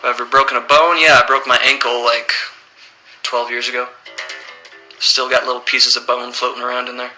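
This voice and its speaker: A man's voice: medium pitch, a little fast, soft background music, poor audio. A man in his thirties casually reading out fan questions on a livestream and answering them plainly. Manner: relaxed, reads questions aloud then answers plainly.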